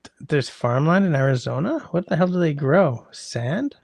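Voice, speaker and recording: A man's voice: fairly high pitch, expressive, moderate pace, creaky, darkish tone, dry recording. A man hosting a casual livestream, reading viewer comments aloud and rambling with wry asides in a chatty way. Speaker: livestream host reading chat.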